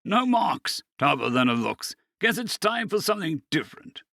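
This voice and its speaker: A man voicing a gruff, blunt, foul-mouthed working man who speaks flatly and irritably in a storybook reading. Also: fairly high pitch, moderate pace, no room sound, clean studio sound, pitched above the performer's own voice, exaggerated voice. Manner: flat and irritable.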